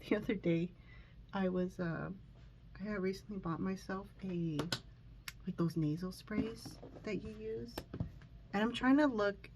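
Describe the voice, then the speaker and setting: Recording herself on her phone in a room at home, a makeup vlogger talks while applying makeup in a medium-pitched, somewhat dark voice. She speaks a bit slowly with long pauses, and the poor audio carries a faint hiss or hum. Nervous and sniffly from allergies, she rambles with many fillers and keeps restarting.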